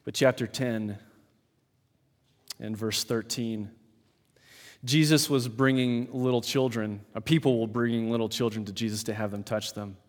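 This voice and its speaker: A man preaching a sermon in a measured, emphatic way, with dramatic pauses, in a large church hall. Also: medium pitch, steady tone. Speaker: pastor. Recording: long hall reverb.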